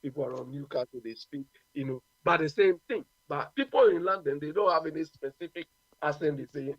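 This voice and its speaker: Ghanaian man, high lively voice, emphatic radio talker, dry muffled line. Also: a little fast, no room sound. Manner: emphatic, repeats "you understand?". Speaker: radio guest. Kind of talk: opinionated radio talk.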